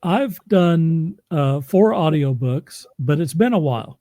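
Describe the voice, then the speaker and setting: Chatty american man with a mellow voice. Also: fairly high pitch, expressive, takes it slowly, dry recording. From Oklahoma, USA. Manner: chatty, laughs easily, loose restarts. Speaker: podcast host and audiobook narrator. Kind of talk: casual interview chat.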